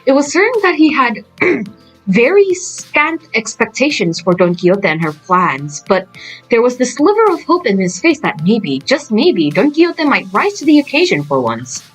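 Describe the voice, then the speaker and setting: A woman's voice: on the high side, big pitch swings, normal speed, husky, faint music behind, low-quality recording. A woman reading a game story aloud, breaking off into gushing, giggly fan reactions.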